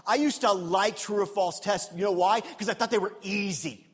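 A pastor with a high, light voice preaches to his congregation in a chatty, conversational manner. He keeps asking questions of the room. His voice rings out with a long tail of reverb through the large church hall. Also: normal speed, husky. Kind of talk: sermon.

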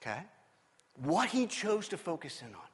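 A middle-aged male pastor preaches with a high-pitched voice. He tells stories with lively swings between booming and hushed delivery. His voice carries a long reverb from a church hall. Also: moderate pace, husky. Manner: animated storytelling, swinging between loud and quiet. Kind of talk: sermon.

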